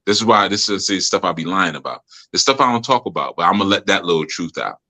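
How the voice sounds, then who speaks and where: Guy hosting a podcast, bright sharp voice, slangy laid-back storytelling, laughs a lot. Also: low-pitched, animated, quick pace. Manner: laughs often, loose slangy delivery. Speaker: podcast host and spiritual teacher. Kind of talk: casual storytelling chat.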